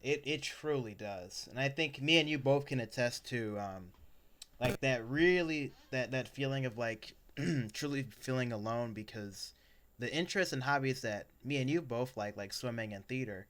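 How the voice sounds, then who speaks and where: A young man co-hosts a laid-back podcast and tells stories from his own life. He talks in a loose, rambling way, stops to restart his sentences, and leans on a lot of fillers. His voice sits at an ordinary middle pitch. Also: moderate pace, fairly bright tone. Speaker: podcast co-host. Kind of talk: casual storytelling chat.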